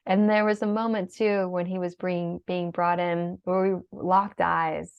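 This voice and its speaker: A woman's voice: lowish voice, level tone, measured pace, smooth. A middle-aged woman speaking as a guest in an interview, heartfelt and sometimes tearful, with many fillers. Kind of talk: emotional interview conversation. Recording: dull lo-fi sound.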